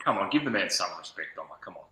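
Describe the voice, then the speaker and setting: A man co-hosting a football watch-along, excitable and swearing, quick to stick up for his club. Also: sits low, slight background noise. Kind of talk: casual live-stream banter. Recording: echoey room.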